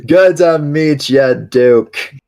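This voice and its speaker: A man's voice: a little high, drawn-out words, a little mellow, pitched above the performer's own voice. A man voicing a friendly, talkative adventurer in a tabletop game, greeting new companions in a hearty, welcoming way.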